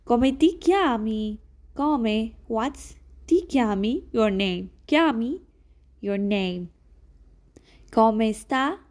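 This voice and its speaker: A woman's voice: a little high, expressive, very slow, a little mellow. A woman teaching Italian phrases one by one, repeating each and translating it into English in slightly non-native phrasing. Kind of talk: slow language lesson.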